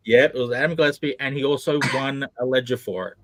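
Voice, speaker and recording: A man's voice: medium pitch, fast talker, fairly bright tone, dry recording. A man hosting a casual live-stream chat, chatty and self-mocking. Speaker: host.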